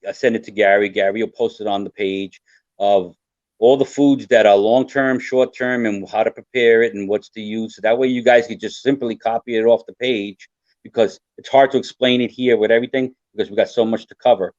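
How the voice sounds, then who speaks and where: Older male guest, low voice, earnest and rambling, dry dull lo-fi audio. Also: steady tone, brisk, a little mellow, no room sound. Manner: earnest, rambling, repeats himself. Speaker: guest survival expert. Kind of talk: casual podcast talk.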